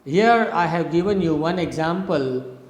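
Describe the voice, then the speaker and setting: A middle-aged man from India giving a recorded lecture on English literature, slow and deliberate, spelling out and repeating words. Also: on the high side. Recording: echoey room with long reverb.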